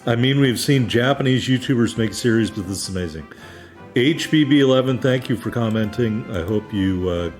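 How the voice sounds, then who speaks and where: Low-voiced man rambling through game commentary. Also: darkish tone. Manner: rambling, many ums, self-deprecating asides. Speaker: let's play host.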